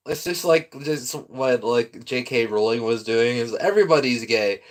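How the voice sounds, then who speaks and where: A man's voice: medium pitch, a little slow, few pauses. A man streaming a casual reaction, rambling through restarts and often breaking into laughter.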